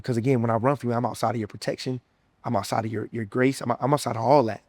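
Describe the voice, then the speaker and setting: A man's voice: mid-range voice, fairly even intonation, quick pace, a little mellow, no echo. Earnest young Southern man, dry sound. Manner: earnest, emotional storytelling with casual slang. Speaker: former college football player sharing his testimony. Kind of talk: personal testimony.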